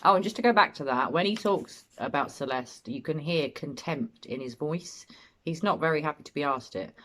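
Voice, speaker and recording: A woman's voice: sits low, moderate pace. A British woman giving opinionated, blunt analysis as host of a commentary video.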